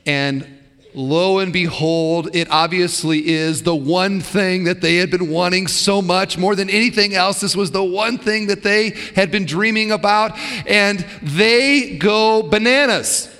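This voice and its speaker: A man preaching a sermon as pastor, talking casually with fillers and rising to excited bursts. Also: sits high, a little slow, clear, resonant tone, in a large hall. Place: church sanctuary.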